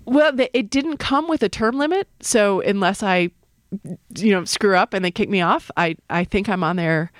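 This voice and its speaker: A woman's voice: medium pitch, moderate pace, dry recording, studio quality. A middle-aged woman, a linguist, answering interview questions in a thoughtful, explanatory way, sometimes restarting her sentences. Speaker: linguist, usage panel member.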